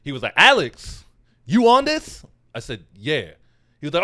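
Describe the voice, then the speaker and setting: A man's voice: a little high, normal speed. A man, a guest comedian, telling stories in a casual podcast chat and acting out what people said. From New York area. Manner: animated, acts out quotes, laughs often.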